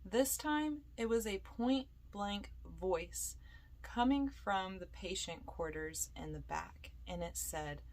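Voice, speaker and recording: A young woman hosts a paranormal podcast and tells the story casually, full of fillers and asides. She slips into little acted-out quotes as she goes, in a voice of middling pitch. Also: takes it slowly. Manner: chatty and animated, lots of fillers, acts out quoted lines. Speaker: podcast host and paranormal investigator.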